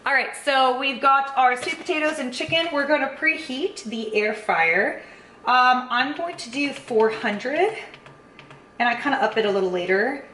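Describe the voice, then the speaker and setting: This fitness vlogger has a high, sharp voice at a moderate pace as she casually cooks and tracks her food in her home kitchen. She talks loosely, full of "um" and "kinda," while slight background noise and faint ambience sit in the echoey room.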